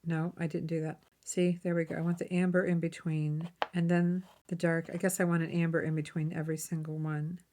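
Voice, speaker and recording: A woman's voice: low-pitched, flat delivery, brisk, hardly any pauses, mellow, slight background noise. A woman hosting a jewelry-making tutorial, chatting casually and thinking aloud as she works, with friendly tips along the way. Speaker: jewelry-making channel host. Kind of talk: casual how-to demonstration.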